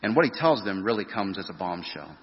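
A man's voice: sits low, big pitch swings. Man preaching in a reverberant hall. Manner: earnest, emphatic preaching with rising stresses and slow drawn-out phrases. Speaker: pastor. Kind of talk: sermon. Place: church sanctuary. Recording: dull sound with long hall reverb.

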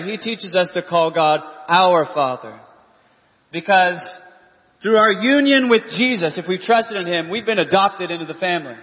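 A man preaching a sermon as pastor, earnest and full of rhetorical questions. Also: a little high. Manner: earnest, rhetorical questions, reads scripture aloud. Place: church hall. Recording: dull lo-fi audio with long church reverb.

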